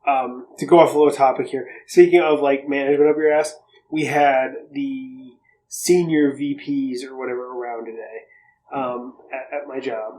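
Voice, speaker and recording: A man's voice: mid-range voice, fairly even intonation, moderate pace, darkish tone, low-quality recording. A young man co-hosting a podcast, telling a story in a rambling, profane, casual way. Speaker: podcast co-host. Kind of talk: casual chat.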